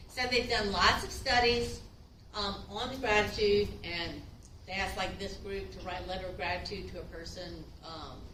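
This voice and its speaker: A woman's voice: medium pitch, moderate pace, pushed and bright, echoey room, distant mic, slight background noise, low-quality recording. A woman instructor giving a casual classroom lecture, chatty and acting out short quotes.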